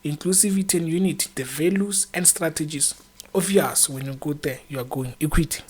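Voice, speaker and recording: A man's voice: on the high side, a little fast, darkish tone, a little hiss or hum. A young man hosting an informal exam-prep video, talking to camera in a chatty, encouraging way that rambles with frequent fillers. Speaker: student exam-prep channel host.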